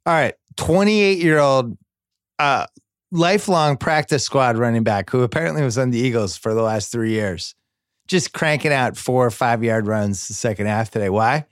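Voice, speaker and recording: A man hosting a sports podcast, chatting casually with mock-sentimental excitement in quick rising bursts. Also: mid-range voice, no echo, clean studio sound. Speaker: podcast host.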